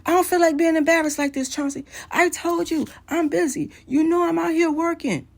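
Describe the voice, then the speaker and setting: A woman acting out her angry husband yelling and scolding over the phone. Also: very high voice, steady tone, normal speed, creaky, voice pushed up.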